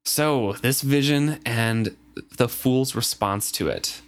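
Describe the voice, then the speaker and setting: Male co-host, casual book chat, mid-pitched and reflective. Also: slow pace. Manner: thoughtful, explaining plot. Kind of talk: casual book discussion and read-aloud.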